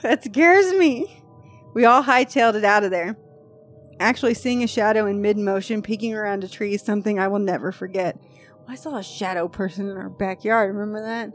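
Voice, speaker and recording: A woman's voice: mid-range voice, fairly quick, soft background music. Chatty woman podcast host. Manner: chatty, swears freely, animated asides. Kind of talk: casual chat, reading a post aloud.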